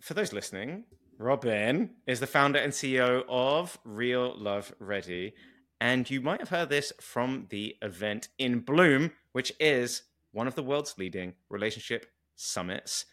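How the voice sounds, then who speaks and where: A man's voice: mid-range voice, expressive, measured pace, fairly bright tone. A man with a British accent hosting a podcast interview, chatting in a friendly, enthusiastic way. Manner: friendly, enthusiastic, loose with small restarts. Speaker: podcast host. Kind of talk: casual interview chat.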